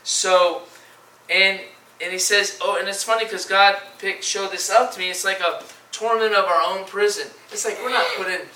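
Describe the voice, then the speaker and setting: Male preacher, slightly high voice, halting and repetitive, recorded from a distance. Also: fairly even intonation, sharp tone, slight background noise. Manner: halting, repeats words, reads scripture in old-style phrasing. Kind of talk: sermon. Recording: echoey room from far off.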